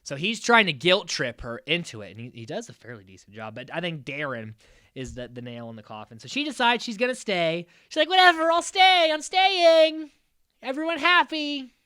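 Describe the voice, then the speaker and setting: A man talking through a reality show recap with a very lively, up-and-down voice. He sounds exasperated and swears casually. The recording is close and dry. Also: mid-range voice, fairly quick, no echo. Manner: animated, exasperated, swears freely. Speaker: podcast host.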